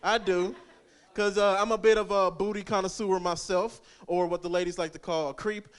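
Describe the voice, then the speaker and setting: A man's voice: high voice, fairly even intonation, moderate pace, clean tone. A young man doing rambling, crude stand-up at an open mic, laughing at his own jokes. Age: young adult. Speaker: stand-up comic.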